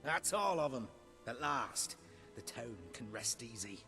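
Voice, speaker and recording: An actor playing a fussy middle-aged chicken keeper in a game, theatrical and exasperated. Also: male voice, medium pitch, big pitch swings, a little slow, bright, forceful tone, faint music behind.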